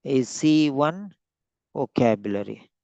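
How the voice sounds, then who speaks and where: A man teaching vocabulary in an online lesson, slowly repeating and stretching out each word for emphasis. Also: medium pitch, lively intonation, gravelly, darkish tone, no echo, lo-fi sound. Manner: slow, repeats words, stretches them out to stress them. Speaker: English teacher.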